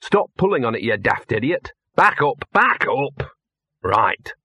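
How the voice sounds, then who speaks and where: A grumbling old mongrel with creaky joints, muttering and sighing at everything, as a male storyteller puts him on. The delivery is gruff and world-weary, recorded dry and close. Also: medium pitch, big pitch swings, unhurried, sharp tone, dry recording, heavily acted. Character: old, scruffy, cynical small male dog.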